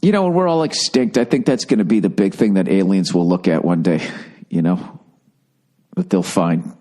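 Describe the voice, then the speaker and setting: A man's voice: low-pitched, normal speed, warm tone. A man in his forties with a Boston accent, hosting a podcast as a casual monologue and ranting sarcastically, swearing often. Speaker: podcast host.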